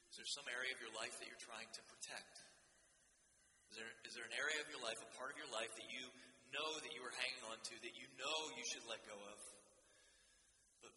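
A man's voice: medium pitch, sharp tone, slight background noise. A man preaching a sermon in an earnest way, often restarting his sentences and building emphasis as he goes. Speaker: pastor. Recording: roomy hall with long reverb.

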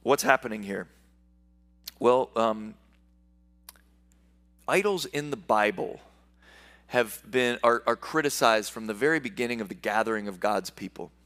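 A man's voice: fairly low pitch, a little slow, pauses often, a bit bright. A man preaching a sermon as a pastor, reading scripture aloud and explaining it, often restarting and repeating words.

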